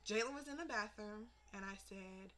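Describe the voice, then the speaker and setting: A woman telling a personal family story in a documentary interview, animated, acting out her relatives' words and dropping from loud to hushed. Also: medium pitch, normal speed, slight background noise. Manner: animated, acts out family members' lines, swings between loud and hushed.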